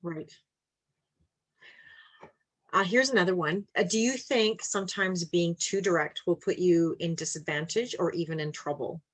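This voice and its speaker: Lower-voiced woman hosting a webinar. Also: moderate pace, pauses often. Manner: relaxed, affirming, reads questions aloud. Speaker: webinar host reading audience questions. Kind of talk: casual moderated webinar conversation. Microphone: video call.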